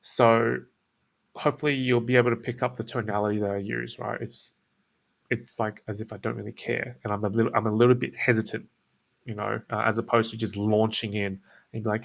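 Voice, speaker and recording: Laid-back man with a gravelly voice. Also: on the low side, flat delivery, a little fast. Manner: laid-back, talks in restarts and fillers. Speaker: SEO business owner and show host. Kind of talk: casual screen-share walkthrough.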